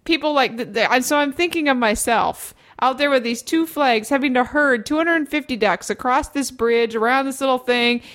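A woman's voice: high voice, moderate pace, hardly any pauses. A woman co-hosting a radio show, telling stories with lots of giggling. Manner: giggly, animated storyteller. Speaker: radio co-host. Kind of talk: casual banter.

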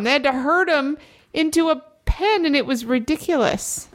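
A woman's voice: high-pitched, normal speed. A woman co-hosting a radio show, telling stories with lots of giggling. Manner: giggly, animated storyteller. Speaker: radio co-host. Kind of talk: casual banter.

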